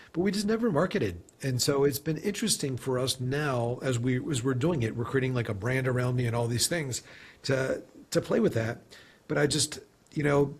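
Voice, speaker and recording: A man's voice: medium pitch, husky. A man being interviewed as a guest on a podcast, talking in a reflective, rambling way and often saying "you know". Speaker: podcast guest, sales leader. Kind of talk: conversational interview.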